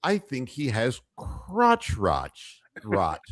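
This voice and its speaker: A man hosting a casual postgame radio show, telling off-color jokes in a rambling, halting way full of fillers. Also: mid-range voice, huge pitch swings, no echo, clean studio sound.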